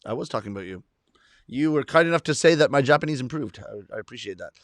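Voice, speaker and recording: A man's voice: mid-range voice, lively intonation, fast talker, a bit bright, no room sound, studio quality. A middle-aged Canadian man hosting a casual livestream, reading viewer comments aloud with easy laughs. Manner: chatty, reads comments aloud, self-deprecating laughs. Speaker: livestream host reading chat. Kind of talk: casual chat.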